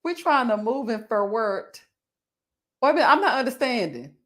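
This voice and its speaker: Chatty woman with a high, bright voice. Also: big pitch swings. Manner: chatty, laughing, drawn-out endearments. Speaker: TV recap YouTuber. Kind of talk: casual recap commentary reading live chat.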